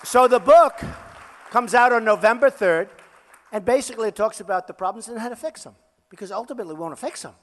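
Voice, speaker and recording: A man's voice: sits high, animated, quick pace. An older man giving a rally speech as a political candidate, boastful and repetitive, talking off the cuff from a podium microphone in a large hall. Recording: echoey rally hall reverb.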